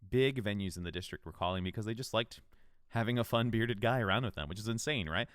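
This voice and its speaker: A man's voice: lowish voice, fast talker, a bit bright, no room sound, studio quality. A man hosting a solo podcast, giving casual, upbeat advice in a conversational way. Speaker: podcast host.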